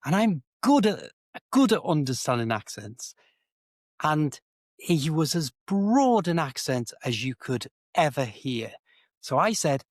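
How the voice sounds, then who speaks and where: A man's voice: on the high side, very animated, measured pace, no room sound, clean studio sound. A man with a Liverpool accent, an English teacher and co-host, telling stories in a casual, self-deprecating way. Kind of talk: casual conversation, storytelling.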